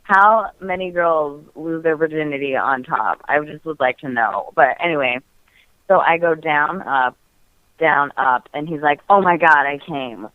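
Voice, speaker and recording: Low-pitched and measured, a woman on a podcast shares a personal story in a casual, open way. Her talk is sprinkled with giggles and constant "like" fillers, captured in a dry, tinny recording that sounds like a phone.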